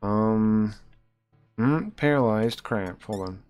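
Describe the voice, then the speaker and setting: A man's voice: on the low side, takes it slowly, a little mellow, smooth. A man streaming a game, chatting casually in a loose, rambling, profane way. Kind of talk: casual live-stream chat while playing.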